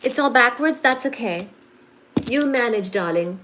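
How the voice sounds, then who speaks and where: A woman's voice: fairly high pitch, lively intonation, measured pace, background noise. A woman hosting a live stream who has a bit of a cold, playfully reading viewer comments aloud and answering them. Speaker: livestream host reading viewer chat. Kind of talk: casual live-stream chat.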